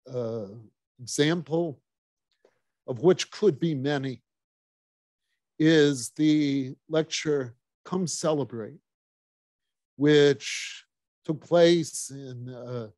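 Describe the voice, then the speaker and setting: A man presenting and introducing archive recordings, pausing and searching for words as he goes. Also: on the high side, darkish tone, no room sound.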